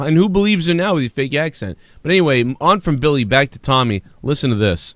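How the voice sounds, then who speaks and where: A man's voice: fairly high pitch, lively intonation, brisk, hardly any pauses, fairly bright tone, no echo, clean studio sound. A man hosting a podcast in casual chat, rambling and profane, with frequent restarts. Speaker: podcast host.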